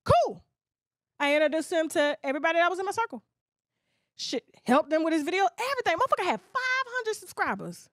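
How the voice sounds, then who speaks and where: A woman's voice: very high-pitched, sing-song, fairly quick, a bit bright, dry recording, studio quality. A woman blogger delivering a blunt, profane rant, mockingly mimicking other people. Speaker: gossip blogger. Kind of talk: ranting monologue.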